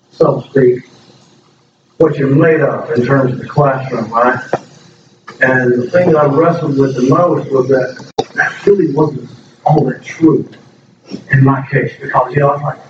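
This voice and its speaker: A middle-aged man giving an earnest, rambling testimony to a congregation, speaking emotionally with frequent restarts. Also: mid-range voice. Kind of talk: casual spoken testimony to a congregation. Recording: echoey room, distant mic, dull and noisy.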